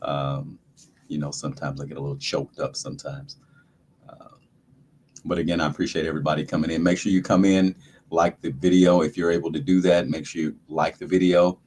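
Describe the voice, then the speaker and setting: Very deep male voice, livestream host, casual chat, relaxed repetitive greetings, slight hiss. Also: fairly quick. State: dry throat, sucking a lozenge.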